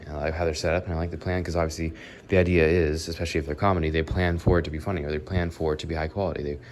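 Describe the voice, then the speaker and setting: A man's voice: rumbling low, little pitch movement, very fast, darkish tone, slight background noise. A young man with a nasal voice who has a cold, rambling through an unscripted vlog monologue, correcting himself as he goes and talking straight to his viewers. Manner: rambling, self-correcting, talks to viewers directly. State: sick with a cold. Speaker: vlogger.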